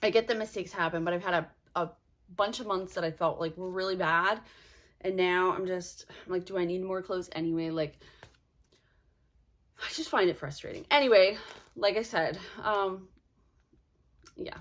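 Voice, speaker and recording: A woman's voice: fairly low pitch, moderate pace, pauses often. Annoyed woman reviewing an unboxing. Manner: frustrated, fills talk with "like". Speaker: subscription box reviewer. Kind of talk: casual unboxing vlog.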